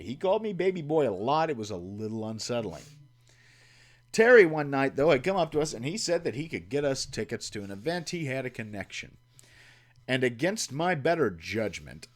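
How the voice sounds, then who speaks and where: A man with a Kentucky accent casually telling stories to his livestream chat, swearing and making wry deadpan asides. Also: medium pitch. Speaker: livestream host. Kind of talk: casual storytelling. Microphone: home streaming mic.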